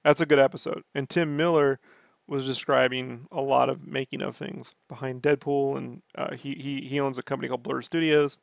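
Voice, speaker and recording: A man hosting a casual podcast, ranting and swearing in an animated way. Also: medium pitch, a little fast, vocal fry, no echo, clean studio sound. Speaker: podcast host.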